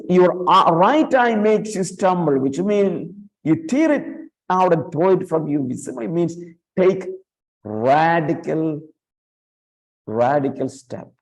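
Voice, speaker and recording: Male Bible lecturer, unhurried, repeats terms, stresses quoted verses, keeps asking "right?". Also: fairly high pitch, poor audio. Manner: repeats key words and checks in with "right?"; reads scripture quotes with raised emphasis. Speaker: Bible teacher. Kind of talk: classroom lecture.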